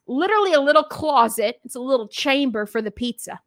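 A high-voiced woman with a Southern accent hosts a casual podcast. She is bubbly and animated, and she laughs often. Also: brisk. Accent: Southern American. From American South. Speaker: podcast host. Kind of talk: casual chat.

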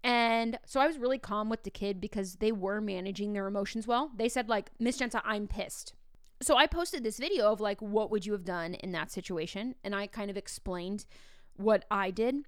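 Woman in her thirties, teacher-host, casual storytelling, smooth clear voice, dry close sound. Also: medium pitch, fairly quick, no echo. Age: 30s. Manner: animated, acts out quoted dialogue, many fillers.

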